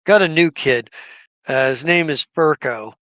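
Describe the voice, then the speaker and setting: A man voicing a friendly, plain-spoken male guide in a tabletop game, a little higher than his own voice. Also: unhurried, pushed and bright, dry recording.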